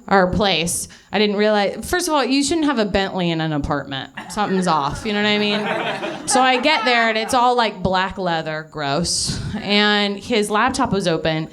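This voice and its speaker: A woman's voice: medium pitch, expressive, moderate pace, a bit bright, slight background noise. Young woman, stand-up comic, out of breath, rambling, self-mocking, swears a lot. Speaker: stand-up comedian. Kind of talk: live stand-up storytelling. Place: live comedy venue.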